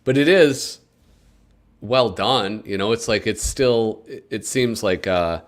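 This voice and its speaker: Man, lowish voice, slow rambling delivery, livestream host chatting with viewers. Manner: rambling, chats with viewers, frequent fillers. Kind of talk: casual live commentary.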